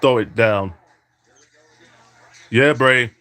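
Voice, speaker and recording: A man's voice: medium pitch, drawn-out words, pushed and bright. A man giving trash-talking play-by-play while playing a basketball video game, mixing mock announcer calls with taunts at his opponent.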